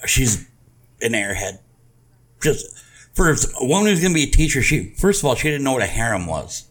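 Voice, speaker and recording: A man hosting a podcast, telling profane stories in casual chat, with animated swings in his voice. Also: medium pitch, brisk. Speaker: podcast host.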